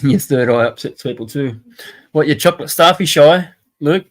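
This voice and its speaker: A man's voice: on the high side, moderate pace. A man hosting a casual livestream chat, rambling, swearing and laughing often. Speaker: stream host.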